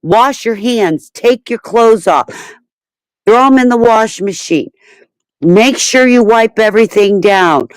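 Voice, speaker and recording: A woman's voice: fairly high pitch, lively intonation, measured pace, dry recording, poor audio. A middle-aged woman on a panel, speaking with emotional, pleading insistence. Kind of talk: heated panel discussion.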